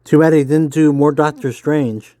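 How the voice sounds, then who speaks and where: Man, nerdy voice, mellow tone, easygoing read-aloud with fillers. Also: a little high, moderate pace, dry recording, clean studio sound. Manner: self-described nerdy voice, relaxed with fillers. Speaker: comics vlogger. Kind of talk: casual reading aloud while drawing.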